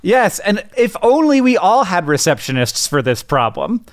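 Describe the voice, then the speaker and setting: Animated higher-voiced man on a podcast. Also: moderate pace, no room sound, studio quality. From United States. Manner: lively, laughs easily, wry asides. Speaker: podcast co-host. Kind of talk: casual chat.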